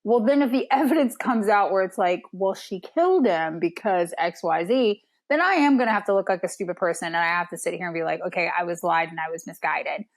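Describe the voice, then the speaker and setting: A woman's voice: lowish voice, fairly quick, hardly any pauses. Female podcast guest, chatty and casual, acts out quotes. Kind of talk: casual chat.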